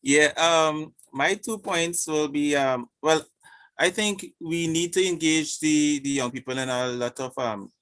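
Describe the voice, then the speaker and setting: Hesitant man with a fairly high voice. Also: unhurried, fairly bright tone. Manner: hesitant, many fillers. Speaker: panelist in church forum. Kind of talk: discussion contribution.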